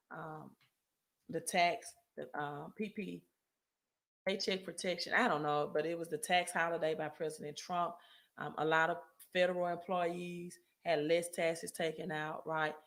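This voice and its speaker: A woman's voice: sits low, level tone, normal speed. A woman hosting a casual finance livestream, talking loosely to viewers, often checking in with "right?" and correcting herself mid-sentence. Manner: chatty, frequent "right?" tag questions and self-corrections. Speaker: credit and finance livestream host.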